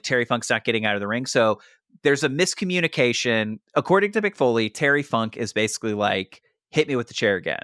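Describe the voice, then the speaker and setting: A young man hosting a podcast, retelling a story in animated casual chat and saying "like" a lot. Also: medium pitch, clean tone, no echo, studio quality. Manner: animated retelling, heavy use of "like". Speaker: podcast host.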